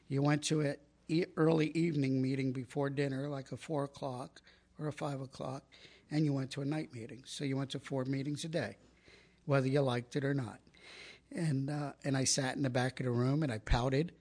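A man's voice: mid-range voice, vocal fry, darkish tone. A man giving a candid, profane personal testimony about his recovery from alcoholism, with many fillers and restarts.

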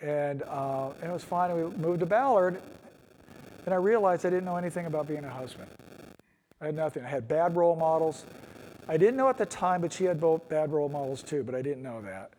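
A man's voice: on the high side, darkish tone, a little hiss or hum. A middle-aged man giving a candid, rambling personal testimony at a recovery meeting, with wry self-deprecating asides. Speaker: speaker sharing his recovery story. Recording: long echoey hall reverb.

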